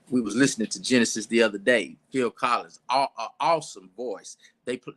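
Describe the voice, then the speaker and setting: A man's voice: medium pitch, bright, forceful tone. A man preaching an informal sermon in a church, talking conversationally with asides and restarts.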